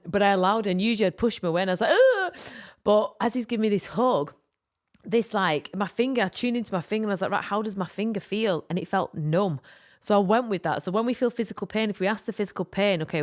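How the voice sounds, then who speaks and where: A woman co-hosting a podcast, telling a personal story in an animated, rambling way with lots of fillers. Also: mid-range voice, quick pace. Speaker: podcast co-host. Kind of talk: casual storytelling chat.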